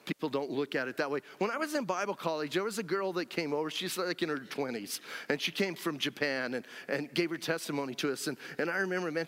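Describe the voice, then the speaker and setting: A man preaching a lively, animated sermon as pastor, acting out scenes and whooping with joy. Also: fairly high pitch. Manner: animated, acts out scenes, frequent shouts of joy. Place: church sanctuary. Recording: long hall reverb.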